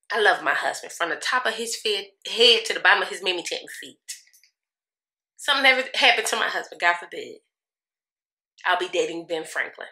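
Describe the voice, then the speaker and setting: A woman's voice: fairly high pitch, sharp tone. A young woman, chatting sassily to her viewers while getting ready, laughing often. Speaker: beauty vlogger. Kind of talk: casual get-ready-with-me chat. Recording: echoey room.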